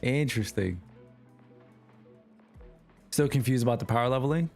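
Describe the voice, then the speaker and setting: Laid-back New York streamer. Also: male voice, medium pitch, moderate pace, faint music behind. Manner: relaxed, slangy, talks to chat. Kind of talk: casual livestream chat while gaming.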